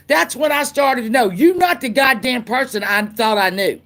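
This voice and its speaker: A woman's voice: fairly high pitch, expressive, normal speed, few pauses, a bit bright. A woman ranting on a livestream in an angry, profane, confrontational way, repeating lines for emphasis. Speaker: YouTuber. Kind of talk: livestream rant.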